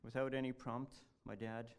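A man giving a devotional talk at church, reading a passage aloud in an earnest, halting way. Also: medium pitch, level tone.

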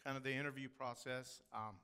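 A man's voice: mid-range voice, fairly even intonation, a little fast, pushed and bright, smooth. A man from the Texas hill country with a Texan accent, preaching a sermon as pastor in folksy storytelling style. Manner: folksy storytelling with drawled phrases.

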